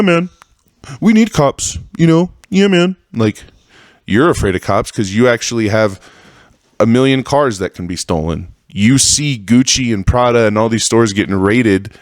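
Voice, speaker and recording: A man's voice: fairly low pitch, dry recording, clean studio sound. Man ranting hard on a podcast. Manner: heated, profane, repetitive ranting. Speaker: podcast host.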